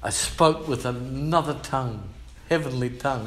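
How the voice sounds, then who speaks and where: A man's voice: mid-range voice, steady tone, normal speed, roomy sound, a little hiss or hum. An older man with an Australian accent, preaching a sermon as a pastor and telling his testimony in a colloquial, slangy, emphatic way. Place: church.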